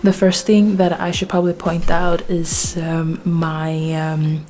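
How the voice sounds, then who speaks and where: A woman's voice: on the low side, level tone, slow pace, warm tone. A woman from Sweden giving a casual bookshelf tour, chatty and self-deprecating with plenty of fillers, a little out of breath. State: slightly out of breath. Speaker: book vlogger.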